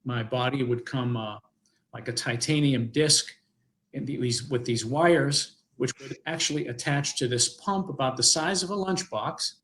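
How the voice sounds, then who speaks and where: A man's voice: mid-range voice, normal speed, a bit bright, slight background noise, rough recording. An older man, a guest on an interview show, telling a personal story in a rambling way, with many restarts and acted-out quotes.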